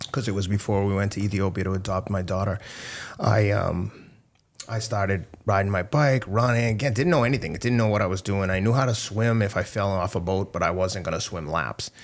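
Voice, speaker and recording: A middle-aged man with a lowish voice, speaking as a podcast guest. He talks frankly and emotionally about himself. He swears freely and laughs at his own failings. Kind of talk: candid conversational interview.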